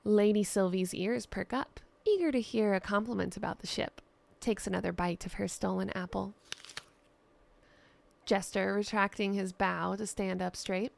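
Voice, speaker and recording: A woman narrating a scripted fantasy tale in a steady, descriptive storytelling voice. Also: mid-range voice, normal speed, creaky, dry recording. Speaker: writer and narrator.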